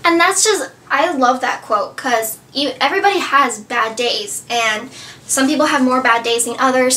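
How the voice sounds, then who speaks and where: High-voiced gushing young woman reviewer. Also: fairly bright tone, slight background noise. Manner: gushing, filler-heavy with many "like"s. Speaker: book reviewer. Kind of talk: casual book review chat.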